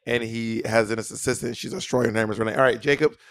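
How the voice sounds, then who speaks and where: A man co-hosting a loose podcast conversation, talking in a blunt, animated, profane way. His voice has a gravelly, fried texture, at an average pitch for a man. The sound is dry and close, with no room echo. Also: quick pace. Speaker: co-host. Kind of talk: casual podcast chat.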